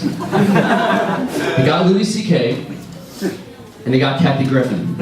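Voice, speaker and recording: A man in his forties doing a stand-up comedy set, wry and deadpan with lively storytelling. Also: mid-range voice. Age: 40s. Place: comedy club stage. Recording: echoey club sound from a distance. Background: audience laughter.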